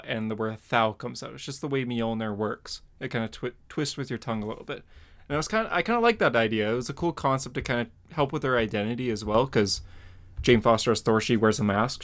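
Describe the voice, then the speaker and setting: A podcast host speaks fairly quickly in a mid-range voice, rambling through the news in casual chat. His talk is full of fillers and little laughs.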